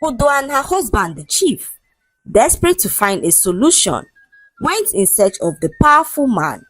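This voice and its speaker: A woman narrating a folk tale in an expressive storytelling manner, her pitch rising and falling across each sentence. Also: husky, no echo, poor audio.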